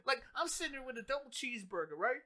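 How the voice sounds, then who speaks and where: Animated high-voiced man ranting. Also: fast talker. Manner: animated ranting, heavy profanity, slangy. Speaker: podcast co-host. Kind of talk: casual chat.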